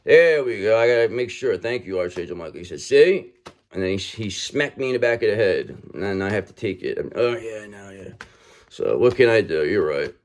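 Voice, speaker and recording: A man's voice: on the low side, expressive, fairly quick, hardly any pauses. Emphatic man giving a tarot reading. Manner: emphatic, repeats "okay?" constantly, swears freely. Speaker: tarot reader.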